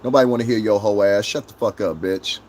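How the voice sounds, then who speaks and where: A man's voice: fairly even intonation, fast, darkish tone, slight background noise. Profane combative man ranting on stream. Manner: profane, combative, mocks chat commenters in high mimicking voices. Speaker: livestream host. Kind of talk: confrontational livestream rant.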